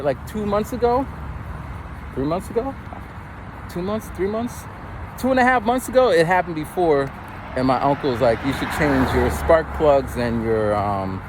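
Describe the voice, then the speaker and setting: Man, vlogger, casual rambling story, lively pitch, phone mic, faint traffic outside. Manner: rambling, many restarts and repeated words.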